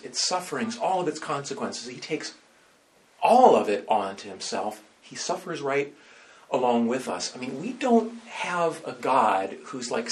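A man, a priest, preaching a conversational sermon full of rhetorical questions, swinging between loud and soft. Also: mid-range voice, slight background noise.

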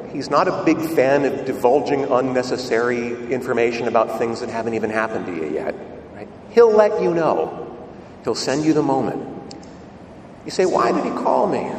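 Priest giving a chatty homily, lively up and down voice, lots of "right?", church echo from far off. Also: male voice, medium pitch, slight background noise. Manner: conversational, rhetorical questions, repeats words. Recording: echoey church, far from mic.

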